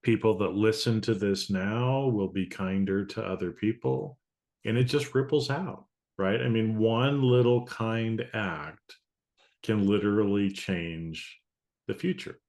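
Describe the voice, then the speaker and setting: A man hosting a podcast in casual conversation. He has a fairly low voice, and his thoughts come out halting and rambling. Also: darkish tone. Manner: rambling, halting, restarts sentences. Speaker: podcast host.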